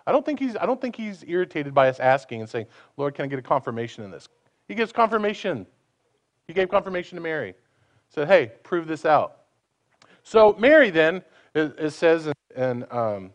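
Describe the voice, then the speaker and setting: A man's voice: on the high side, fairly bright tone. A man preaching a conversational sermon, asking his listeners questions and acting out the voices he quotes.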